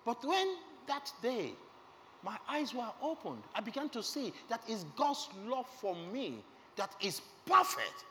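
Earnest preacher with lively swings. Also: male voice, very high-pitched, unhurried. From Nigeria. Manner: earnest, emotional storytelling, asks the audience questions. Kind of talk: sermon testimony. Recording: reverberant hall with faint background noise.

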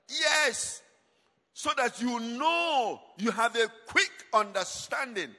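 Preaching a sermon in a hall with long reverb, this man speaks in an extremely high, animated voice that is bright and forceful, yet slow in pace. He poses call-and-response questions so the congregation can finish his lines, and his volume swings dramatically.

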